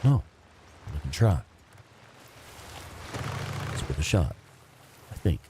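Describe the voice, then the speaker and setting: A gameplay streamer in his fifties casually commentates a video game in a rumbling low, sing-song voice at a slow pace. He's laid-back, laughs often and swears freely, with background noise behind him.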